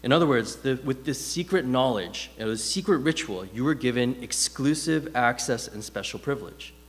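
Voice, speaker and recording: A man delivers a sermon in an easy, conversational style, leaning on fillers as he tells stories to make his points. His voice sits at a middle pitch. The sound carries a long reverb from the church hall. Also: normal speed. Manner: conversational, animated storytelling with frequent fillers. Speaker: preacher.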